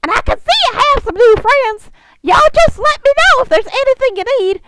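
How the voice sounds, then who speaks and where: A woman's voice: extremely high pitch, expressive, normal speed, heavy background noise, pitched above the performer's own voice. A woman doing a drawling southern kobold chief. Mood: folksy. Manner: folksy and welcoming. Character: male kobold town leader with southern drawl.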